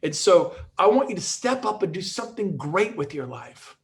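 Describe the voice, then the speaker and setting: A middle-aged man giving an energetic motivational talk as a guest speaker, telling stories with frequent restarts. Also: high voice, moderate pace. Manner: energetic storytelling with repeated restarts.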